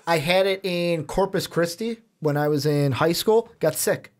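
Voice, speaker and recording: A man's voice: on the high side, normal speed. A young man with a Chicago accent hosting a casual podcast, telling loose, rambling stories. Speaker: podcast host. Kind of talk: casual chat.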